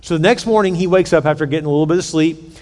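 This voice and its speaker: A pastor in a big echoing hall, preaching and retelling an old story with a lot of life. His voice sits high for a man, and he jumps into the characters' lines as he goes. The reverb trails long behind him. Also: rapid-fire, a little mellow. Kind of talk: sermon.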